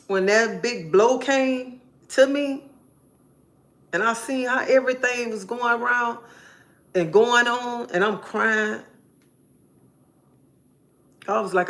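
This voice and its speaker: A woman's voice: a little high, slow, pauses often, a bit bright. A woman live streamer giving an emphatic personal testimony, repeating phrases in a preacherly way.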